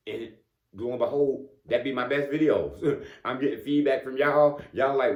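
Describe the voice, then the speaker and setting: A man with a mid-range voice talks at normal speed, giving a casual motivational speech in an echoey room. He stays conversational, asks "you know what I'm saying" over and over, and chuckles between ideas.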